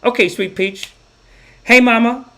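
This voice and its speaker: A man voicing a hospital nurse woman who sweet-talks patients with drawn-out endearments. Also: very high-pitched, steady tone, pushed and bright, pitched above the performer's own voice, full character voice. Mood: cooing.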